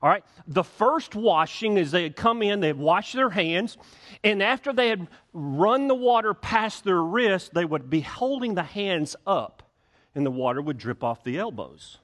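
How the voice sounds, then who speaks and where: A man's voice: high voice, animated, unhurried, fairly bright tone. A middle-aged male pastor preaching a conversational sermon, acting out little everyday dialogues to make his points.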